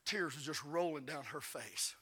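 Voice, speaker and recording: A man preaching a sermon, telling stories fervently and rising to shouts. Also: on the high side, lively intonation, normal speed. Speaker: evangelist preacher.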